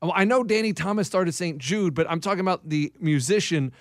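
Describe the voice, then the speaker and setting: A man's voice: sits high, fairly quick, dry recording, clean studio sound. A man co-hosting a casual podcast chat, telling a rambling story with restarts.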